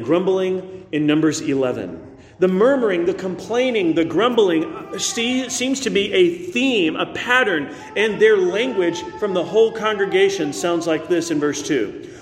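A man preaching an expository sermon, measured and emphatic, slowing down to stress key words. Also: high-pitched. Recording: roomy hall reverb.

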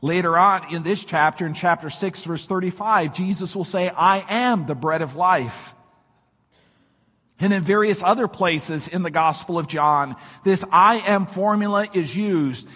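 Man preaching, weak voice today, high pitch, echoing church hall. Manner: dramatic swings from shouts to near-whispers. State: weak voice this morning. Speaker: pastor. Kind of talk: sermon.

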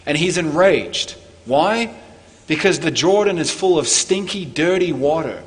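A man preaching a Christmas sermon as pastor, earnest, climbing for emphasis and falling low and quiet on key points. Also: animated, measured pace, long reverb tail. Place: church.

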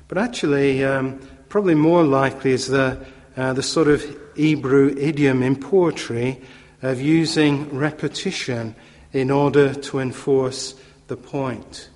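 A man preaching a sermon in a measured, emphatic way, with occasional fillers and repetition for stress. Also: mid-range voice, a little mellow. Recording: long hall reverb.

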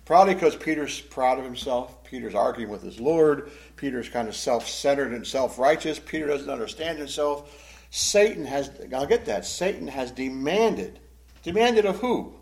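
A man teaching a Bible class as a pastor, emotive, swinging between loud emphasis and hushed, sad tones. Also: mid-range voice, expressive, normal speed, creaky, rough recording.

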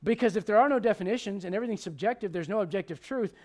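A man with a notably high voice preaches a sermon in a loose, conversational way. He jokes, quizzes his listeners, and swings from forceful, loud emphasis down to quiet, almost muttered asides. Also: racing. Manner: humorous, asks the congregation questions. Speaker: pastor.

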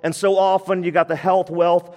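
A man's voice: high-pitched, flat delivery, normal speed, warm tone. A man preaching a sermon as pastor of a church, emphatic and repeating his key points. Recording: long reverb of a church hall.

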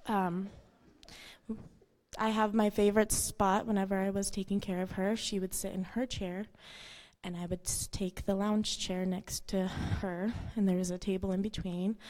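A woman's voice: medium pitch, little pitch movement, normal speed. Woman telling fond stories in a eulogy. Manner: warm storytelling, acts out quotes, laughs through tears. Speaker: adopted granddaughter giving a eulogy. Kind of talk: memorial eulogy with personal stories.

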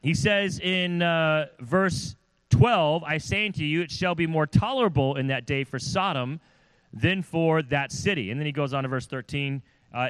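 A man preaching a sermon, moving between brisk, lively stretches and lower, quieter asides, and slipping into voices for the people he quotes. His voice is mid-pitched and the sound is dry and close. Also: no echo, poor audio. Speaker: pastor. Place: church.

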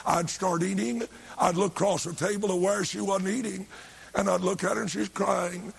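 An older man preaching a revival sermon, telling a story fervently and rising to shouts when he quotes others. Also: high-pitched, fairly even intonation, moderate pace, vocal fry, breathy edge.

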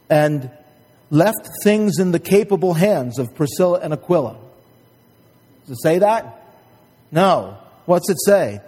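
A man's voice: fairly high pitch, lively intonation, measured pace, long pauses, warm tone, slightly rough, long reverb tail. A man preaching a sermon, emphatic and calling out to the congregation for responses. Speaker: pastor.

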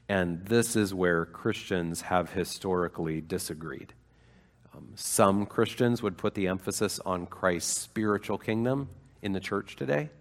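Male pastor, lower register, conversational sermon with fervent peaks, long hall reverb. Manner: conversational preaching with fillers, rising to fervent emphasis.

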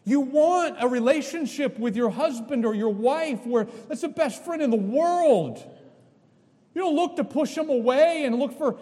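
A middle-aged male pastor delivering a sermon, emphatic, with sudden swings between loud and soft. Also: extremely high pitch, expressive, measured pace. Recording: long reverb of a large hall.

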